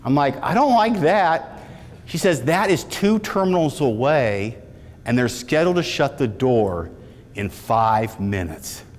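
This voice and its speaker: A man's voice: medium pitch, measured pace. A man giving a motivational keynote speech, telling a story with energy and calling out to the audience. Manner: animated storytelling with audience call-outs. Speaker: keynote speaker. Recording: reverberant hall.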